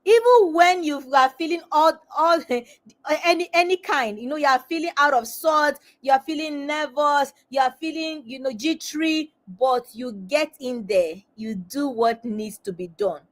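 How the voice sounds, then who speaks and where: Woman, high voice, webinar host, confidence coach, emphatic, repeats herself, talks to viewers. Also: normal speed. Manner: emphatic, repeats phrases, addresses viewers directly. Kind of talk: live webinar teaching.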